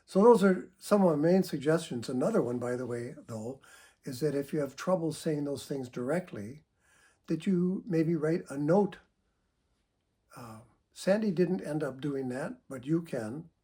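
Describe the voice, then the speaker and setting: A man speaking as a psychotherapist, giving calm, measured advice to viewers with frequent "uh" fillers. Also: fairly high pitch, husky.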